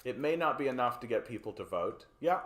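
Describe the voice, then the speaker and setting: A man's voice: mid-range voice, expressive, brisk, fairly bright tone, reverberant. A man with a Canadian accent, hosting a livestream of casual political commentary, rambling and profane, tagging his points with "right?". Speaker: livestream host.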